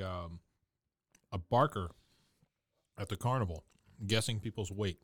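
Lower-voiced man retelling a movie scene. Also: unhurried, a bit bright, dry recording, studio quality. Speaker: podcast co-host. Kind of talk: casual chat.

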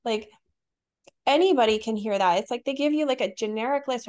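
A woman speaking as a guest on a casual podcast, candid and a little wry, with plenty of "like" and "you know." Her voice sits on the higher side, and her tone is relaxed and conversational. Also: fairly quick. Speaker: guest, psychic medium.

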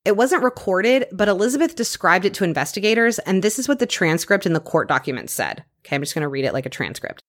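A woman co-hosting a true crime podcast, walking her friend through the case. Her voice sits at a middling pitch but moves a great deal, rising and falling as she tells the story. She reads court details aloud in a lively storytelling way. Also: fast, hardly any pauses. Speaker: podcast co-host.

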